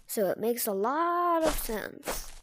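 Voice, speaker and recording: A young girl chatting casually through a gameplay video, rambling and stopping to calm her crying dog. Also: on the high side, slow, noisy background. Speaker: gaming video creator. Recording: game music playing behind.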